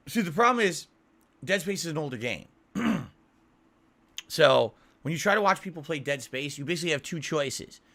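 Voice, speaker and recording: A man's voice: mid-range voice, sharp tone. A man ranting in a monologue as a YouTuber, exasperated, repeating himself and swearing.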